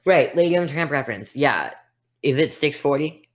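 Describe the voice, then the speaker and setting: Very low-voiced rambling woman podcaster. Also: animated, brisk. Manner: chatty, rambling, self-deprecating. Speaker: podcast co-host. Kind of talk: casual chat.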